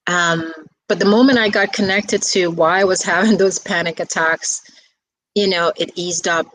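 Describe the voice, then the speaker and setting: A woman guest speaking in a soft, reflective way, talking casually with a few restarts and fillers. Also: lowish voice, steady tone, moderate pace, low-quality recording. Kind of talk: casual conversation.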